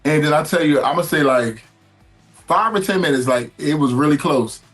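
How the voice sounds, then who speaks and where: A man in his thirties spins a lively interview story, acting out other people's lines and breaking into laughter. His voice sits a little high, and faint music plays softly under it. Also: a little fast, husky. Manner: animated, acts out quotes with laughs. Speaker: former player.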